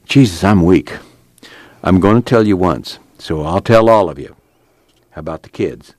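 A man's voice: low voice, lively intonation, moderate pace, darkish tone, dry recording, studio quality. A man voicing a battered, weary young farmhand in hiding, with a drawl and a tense, urgent delivery. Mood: tired, hushed.

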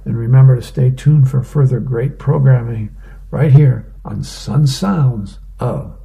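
A man reading the newspaper comics aloud for a radio reading service, casual and relaxed with fillers. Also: mid-range voice, a little slow, creaky, highs cut off. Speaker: volunteer newspaper reader.

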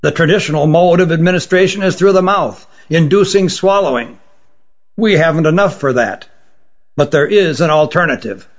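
A man reading a story, voicing a grave male distiller who speaks in measured, solemn tones. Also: fairly high pitch, dull audio, close to an everyday voice. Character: grave, severe male distiller, usually melodious.

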